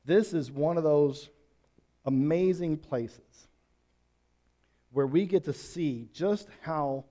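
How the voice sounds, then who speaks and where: A man's voice: medium pitch, warm tone. A man teaching a Bible passage in a folksy, conversational way, with asides and restarts. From Switzerland. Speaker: pastor.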